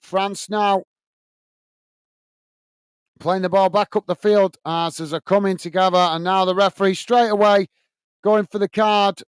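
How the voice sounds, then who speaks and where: A man from England hosting a live football watch-along, calling the play and chatting with viewers in a chatty manner that quickly turns to ranting. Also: high-pitched, flat delivery, clear, resonant tone, dry recording. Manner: chatty, reads out viewer messages, quick to rant. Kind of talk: live football commentary and chat.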